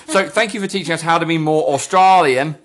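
A man's voice: fairly high pitch, normal speed, fairly bright tone. A man hosting a casual show, teasing his guest and joking as he wraps up. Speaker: show host. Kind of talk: casual chat.

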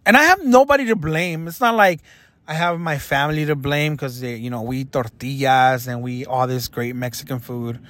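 A man's voice: mid-range voice, normal speed, a bit bright, no echo. A young man talking earnestly and self-critically in a confessional vlog monologue. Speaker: vlogger.

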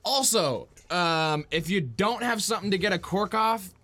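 A man's voice: high-pitched, moderate pace, pushed and bright. A young man co-hosting a podcast, joking and laughing in casual banter. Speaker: podcast co-host. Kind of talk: casual chat reacting to videos.

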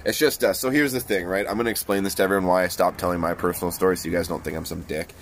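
A man's voice: sits low, steady tone, rapid-fire, slight background noise. A man hosting a casual late-night podcast chat on a balcony, joking loosely and swearing freely. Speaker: podcast host.

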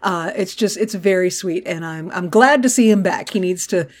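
A woman co-hosting a casual podcast, recapping a TV episode in animated, swear-heavy chat. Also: on the low side, normal speed. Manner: animated, swears freely, acts out character lines. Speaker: podcast co-host.

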